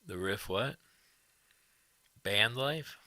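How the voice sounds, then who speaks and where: A man's voice: lowish voice, drawn-out words, pushed and bright, no echo. A man hosting a livestream, telling casual rambling stories to his viewers, chuckling often and swearing freely. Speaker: livestream host.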